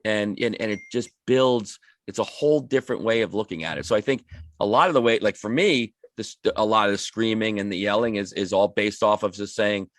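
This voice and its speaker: A man's voice: lowish voice, fairly quick, fairly bright tone, dry recording. Rambling man with a dry sound. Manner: rambling, many restarts and repeated words. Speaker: podcast panelist, youth coach. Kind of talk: casual chat.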